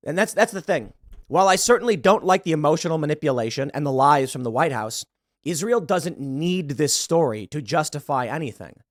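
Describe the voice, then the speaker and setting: Man, political commentary host, blunt and heated, lively swinging pitch, dry close sound. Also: no echo. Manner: heated, blunt, swearing, frequent restarts. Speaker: show host.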